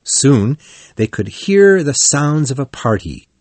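A man reads a children's storybook in a steady, clear voice. His pitch sits in the middle range, and the recording is dry and close with no room sound. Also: takes it slowly, no room sound. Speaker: narrator. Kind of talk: scripted storybook narration.

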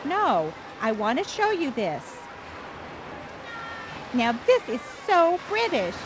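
A woman's voice: high-pitched, huge pitch swings, slow pace, full character voice. A young woman with an American accent acting a firm, lecturing newlywed wife in a scripted learner dialogue. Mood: bossy. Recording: background noise.

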